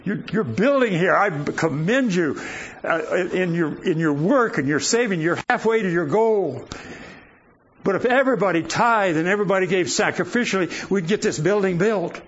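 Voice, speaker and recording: High-voiced older man preaching folksy stories. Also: breathy edge. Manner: folksy, chuckling, anecdotal. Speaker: guest preacher. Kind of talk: sermon with personal storytelling. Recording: dull lo-fi recording with faint noise.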